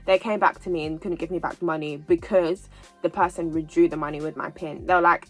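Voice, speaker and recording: A woman in her twenties telling a personal story in a casual storytime vlog, animated and repeating herself as she goes. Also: fairly low pitch, brisk, faint music behind, rough recording. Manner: chatty, animated retelling with repeats. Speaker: vlogger.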